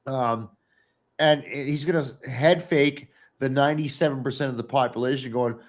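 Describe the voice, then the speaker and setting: A man's voice: fairly high pitch, lively intonation, normal speed. A man hosting a livestream, talking bluntly and profanely to viewers. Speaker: podcast host. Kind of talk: heated casual chat.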